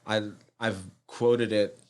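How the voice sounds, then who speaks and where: Low-voiced man laughing through a casual chat. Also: slow pace, clear, resonant tone. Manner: relaxed, laughs often, hesitant fillers. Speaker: podcast co-host.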